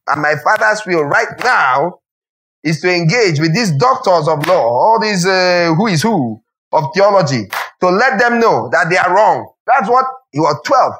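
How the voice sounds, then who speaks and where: A man's voice: high-pitched, expressive, moderate pace, bright, forceful tone, poor audio. A male pastor preaching a sermon, emphatic and repetitive, with rhetorical questions and humorous asides.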